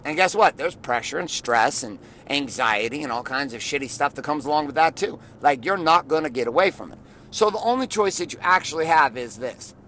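A middle-aged man giving an intense, blunt motivational monologue, swearing often and rising at times to shouting. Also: a little high, animated, fairly quick, a little hiss or hum. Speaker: motivational podcast host.

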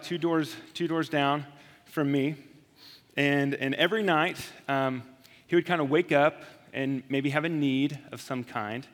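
A man's voice: a little high, fairly bright tone. Earnest man preaching in a reverberant hall. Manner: reflective, earnest preaching with slow emphatic pauses. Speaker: pastor. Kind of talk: sermon. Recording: long reverb of a large hall.

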